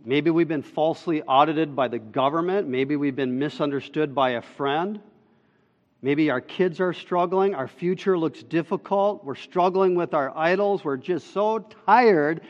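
A male pastor preaching a sermon, emphatic, pressing hard on key words and then dropping low and slow. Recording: dull sound with long reverb in a hall.

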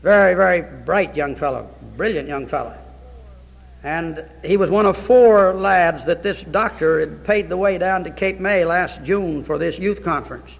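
High-voiced preacher in an echoing hall. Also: male voice, moderate pace, gravelly, dull audio. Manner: folksy, animated storytelling. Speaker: pastor. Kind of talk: sermon. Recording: reverberant church hall.

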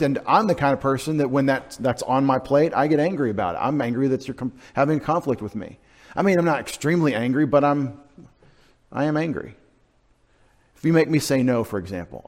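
A middle-aged man, preaching a sermon in a conversational, self-deprecating way, dropping into quiet asides. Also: medium pitch, animated, brisk. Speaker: pastor.

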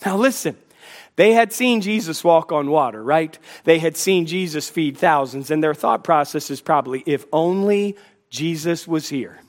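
A male pastor preaching a sermon, moving between intense, emphatic passages and quick joking asides to the congregation. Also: fairly high pitch, lively intonation.

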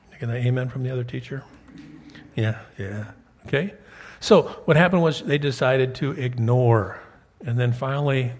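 Husky preacher reading scripture. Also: male voice, medium pitch. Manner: conversational, asks the congregation questions; reads scripture aloud in King James wording. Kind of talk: sermon.

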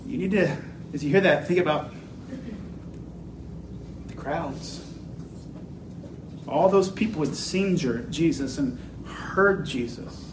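A man preaching a sermon as pastor, slow and building to emphatic declarations. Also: a little high, reverberant, background noise.

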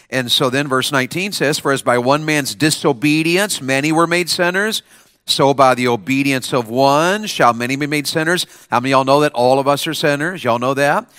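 Preacher rousing a chapel crowd. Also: male voice, medium pitch, brisk, a bit bright, no room sound, clean studio sound. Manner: call-and-response, coaxing the audience to answer. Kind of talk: lively sermon to students.

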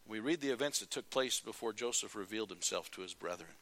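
A man preaching, retelling a scripture story with lively, acted-out dialogue. His voice is bright and forward, and the recording is close and dry with almost no room sound. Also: fairly low pitch, quick pace, hardly any pauses, no echo. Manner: animated storytelling, acting out the characters' lines. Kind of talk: sermon retelling a Bible story.

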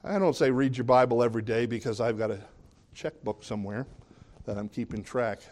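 A man preaching a sermon as pastor, animated, jumping up to high emphatic bursts and dropping low for asides. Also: brisk.

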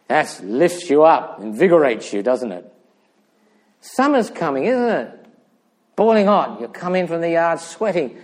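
Animated preacher man, rising and dropping. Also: on the high side, a little slow. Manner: animated, rhetorical questions, swings between loud emphasis and hushed asides. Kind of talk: sermon. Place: church.

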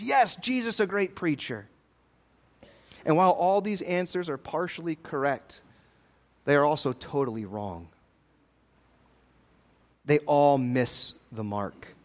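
High-voiced pastor preaching with urgent swings. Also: male voice. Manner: emphatic, swings between loud urgent peaks and low slow hushed lines. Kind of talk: sermon. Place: church sanctuary.

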